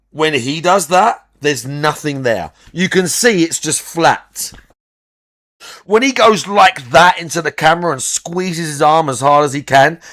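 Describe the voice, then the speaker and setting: A man's voice: on the high side, a bit bright. A man giving reaction commentary, critically explaining arm muscles in a rambling way. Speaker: reaction host.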